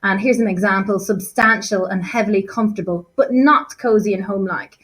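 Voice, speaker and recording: A woman's voice: medium pitch, fairly quick, a bit bright, slightly rough, rough recording. A woman teacher talking through a set text for a revision lesson, chatty and self-deprecating, with frequent fillers and restarts. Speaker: English teacher. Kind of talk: casual revision lesson chat.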